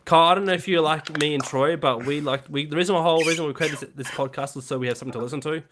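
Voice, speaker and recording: A man co-hosting a casual podcast, easygoing and quick with jokes. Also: a little high, background noise. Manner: easygoing, quick to react and joke. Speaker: podcast co-host. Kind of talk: casual chat.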